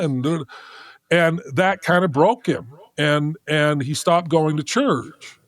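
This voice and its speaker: A middle-aged man speaking as a podcast guest. He tells a story in a casual, animated way and restarts his sentences as he thinks aloud. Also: fairly high pitch, slow pace, no echo.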